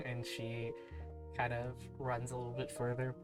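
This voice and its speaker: A man's voice: medium pitch, completely flat delivery, normal speed. A man narrating as game master in a tabletop game, hesitant with many fillers. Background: faint music.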